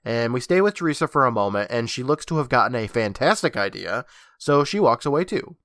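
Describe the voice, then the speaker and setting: A man's voice: mid-range voice, very animated, fairly quick, a bit bright, no echo, clean studio sound. Wry laughing man recapping an episode. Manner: wry, mocking, laughs often. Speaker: podcast co-host. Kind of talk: casual recap chat.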